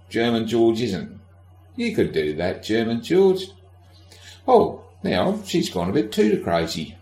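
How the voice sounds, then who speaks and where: A man's voice: medium pitch, gravelly, darkish tone, roomy sound. A man hosting a casual history podcast, sardonic and irreverent, swearing freely and talking straight to the listener. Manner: addresses the listener directly. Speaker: podcast host.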